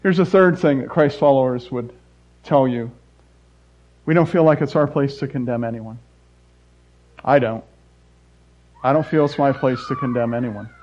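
A man preaching a sermon as pastor, swinging between loud emphasis and soft, quiet asides. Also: medium pitch, moderate pace, pauses often. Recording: dull lo-fi recording.

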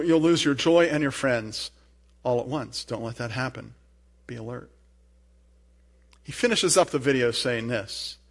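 A man preaching a sermon, earnest and emphatic, with rising bursts and soft asides. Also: a little high. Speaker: pastor.

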